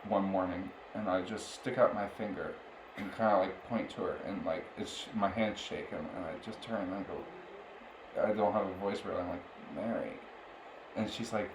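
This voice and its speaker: A man's voice: sits low, normal speed. A young man co-hosting a podcast, telling a story in casual chat and laughing often along the way. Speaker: podcast co-host. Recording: roomy, with faint background noise.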